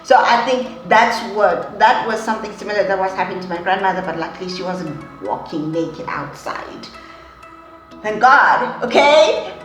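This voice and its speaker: A young woman vlogger telling an emotional story dramatically, swinging between hushed and loud, often calling the viewers guys. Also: medium pitch, lively intonation, normal speed, echoey room, faint music behind, poor audio.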